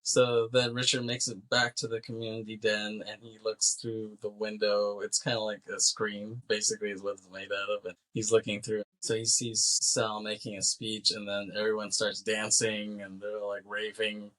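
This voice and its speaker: Bright-voiced man recapping a movie. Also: lowish voice, normal speed, few pauses, poor audio. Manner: rambling, animated, acts out characters' lines. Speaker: podcast co-host. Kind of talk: casual movie recap chat.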